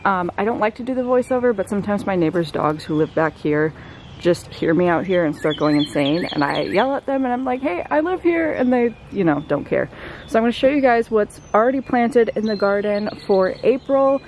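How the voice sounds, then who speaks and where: A woman vlogger giving a relaxed, chatty tour of her backyard garden outdoors, talking to the camera as she walks around. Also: medium pitch, fairly quick, a little hiss or hum. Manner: chatty, relaxed, filler-heavy. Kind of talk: casual walk-through vlog.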